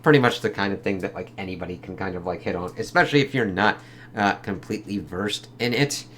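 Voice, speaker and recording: A man's voice: lowish voice, quick pace, a bit bright, slight background noise. A man reviewing a comic book in a loose, rambling way, full of fillers and swearing, who reads dialogue aloud between his comments. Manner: rambling, filler-heavy, profane. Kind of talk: casual spoken review.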